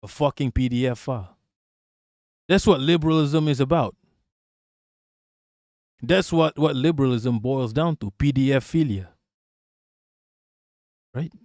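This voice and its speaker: A man's voice: mid-range voice, darkish tone, dry recording, clean studio sound. Blunt, profane man ranting on stream. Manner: emphatic, repetitive, profane, with frequent restarts and rhetorical questions. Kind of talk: casual livestream rant.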